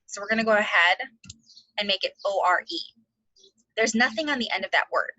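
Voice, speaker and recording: A woman teaching an online phonics lesson to second graders, sounding out letters slowly and encouraging the class. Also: medium pitch, expressive, bright, forceful tone, no room sound, highs cut off.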